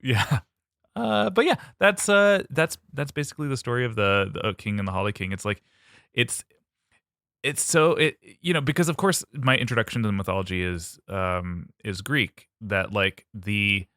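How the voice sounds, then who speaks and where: A man's voice: fairly low pitch, lively intonation, normal speed, sharp tone, no room sound, clean studio sound. A man from the United States co-hosting a podcast in casual chat, rambling with many fillers and laughing often. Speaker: podcast co-host.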